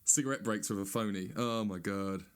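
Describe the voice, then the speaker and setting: A man's voice: normal speed, clean tone. Sweary man in a sarcastic rant. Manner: sweary, sarcastic, mocks others in high whiny voices. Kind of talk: ranting stand-up monologue.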